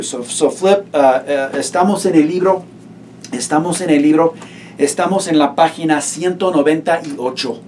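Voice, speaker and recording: A man teaching a vocabulary lesson to students, speaking patiently and repeating each word slowly. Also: medium pitch, vocal fry, warm tone, distant mic, slight background noise. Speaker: Spanish teacher. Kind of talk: recorded classroom lecture.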